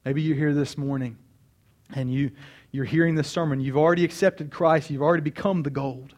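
A man's voice: on the high side, steady tone, brisk, darkish tone. A man in his thirties preaching a sermon, earnest and personal, repeating key phrases for emphasis. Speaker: pastor.

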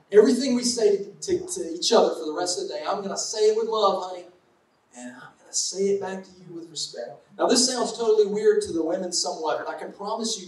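A man preaching a conversational sermon to a congregation, with playful asides. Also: sits high. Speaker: pastor. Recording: echoey hall from far off.

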